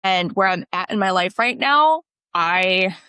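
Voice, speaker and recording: A woman's voice: mid-range voice, a little slow, clear, resonant tone, no echo. A woman co-hosting a podcast, telling a personal story in casual conversation and acting out what people said. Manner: animated storytelling, acts out quoted voices. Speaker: podcast co-host.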